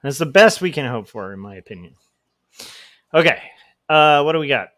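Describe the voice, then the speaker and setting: A man's voice: a little high, animated, normal speed, fairly bright tone, dry recording, studio quality. A man hosting a livestream as a comic artist, chatting casually in a rambling, self-deprecating way.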